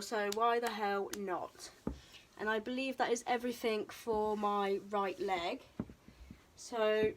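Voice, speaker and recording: A woman's voice: a little high, slight background noise. Breathless bubbly young woman vlogging. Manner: chatty and bubbly, with frequent ums. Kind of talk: casual show-and-tell vlog. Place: indoor room, tripod camera. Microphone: camera mic on tripod, moved around.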